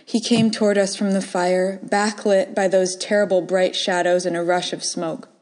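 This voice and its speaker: A woman reading her own first-person short story aloud, soft and measured, dropping to whispers in quiet moments. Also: mid-range voice, flat delivery.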